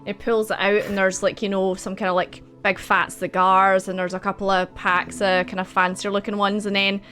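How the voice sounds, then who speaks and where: A woman's voice: medium pitch, flat delivery, moderate pace, a bit bright. Woman, game master, casual rambling narration, fillers, faint background music. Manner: casual, rambling, full of likes and kindas.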